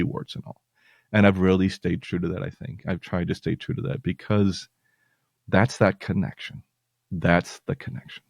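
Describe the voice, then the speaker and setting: A man's voice: low-pitched, a little mellow, no room sound. A male podcast host talking earnestly and reassuringly to his listeners, at times getting emotional. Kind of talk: heartfelt personal talk to listeners.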